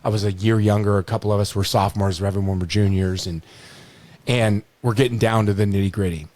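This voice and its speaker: A man's voice: lowish voice, steady tone, brisk, a little mellow, dry recording. A middle-aged man hosting a podcast, telling stories in a rambling way, full of restarts and "you know.". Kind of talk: storytelling in casual chat.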